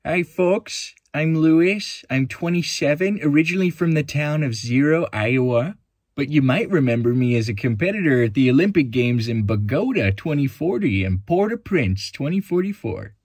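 A man's voice: on the high side, expressive, moderate pace, a little mellow, no echo, studio quality, pitched above the performer's own voice. A man voicing a cheerful, corny young farm boy contestant in an audition read. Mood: cheery.

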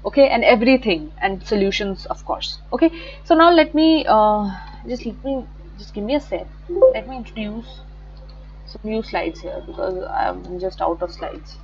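A woman's voice: medium pitch, animated, normal speed, lo-fi sound, slight background noise. A woman teaching an online exam-prep lecture from slides, chatty and often correcting herself. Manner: chatty, self-correcting, repeats words.

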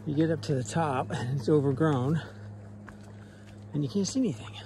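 A man's voice: a little high, normal speed, noisy background. Breathless man vlogging on a hiking trail. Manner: chatty, talking to himself as he climbs. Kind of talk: casual hiking commentary. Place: outdoors on an overgrown hillside trail.

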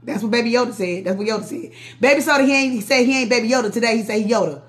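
High-voiced woman tarot reader. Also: very fast. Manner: casual, laughing, chatty with viewers. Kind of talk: live-stream tarot reading.

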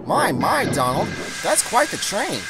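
A man voicing a cheerful little male engine who chuckles and gives slow, knowing advice. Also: high-pitched, huge pitch swings, creaky, pitched above the performer's own voice, full character voice, poor audio. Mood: amused. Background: loud music.

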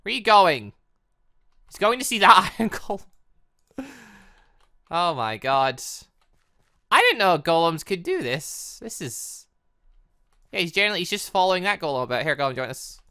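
A man's voice: high-pitched, big pitch swings, moderate pace, long pauses, pushed and bright, no echo, studio quality. Chatty man narrating his game. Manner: chatty, jokey, talks to villagers in the game. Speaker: gaming YouTuber. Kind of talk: casual Minecraft let's play commentary.

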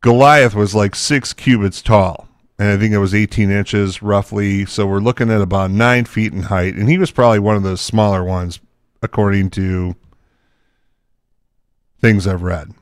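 A man's voice: lowish voice, fairly even intonation, normal speed, clear, resonant tone, no echo, studio quality. A man teaching from the Bible, reading scripture aloud and breaking into casual, chatty asides.

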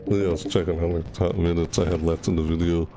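A man's voice: sits low, level tone, fast talker. Chatty man narrating his gameplay. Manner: chatty, easily panicked, talks to himself while playing. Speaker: gaming channel host. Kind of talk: casual game commentary.

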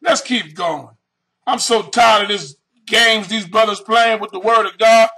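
On a rough recording, a man delivers a fiery sermon in a very high, bright, forceful voice. He reads scripture verses slowly, drawing them out, then bursts into sudden shouts on key phrases and fires questions directly at the congregation.

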